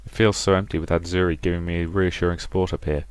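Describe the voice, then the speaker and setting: A young man playing a sci-fi visual novel, reading out every character's lines with shifting pitch and loudness. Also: flat delivery, fast talker, clear, resonant tone, no room sound. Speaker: game let's-player.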